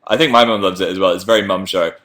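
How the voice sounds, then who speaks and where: A man's voice: low-pitched, fairly even intonation, racing, a bit bright. A man hosting a casual livestream, reading viewer messages aloud and rambling in a chatty, self-deprecating way. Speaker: livestream host.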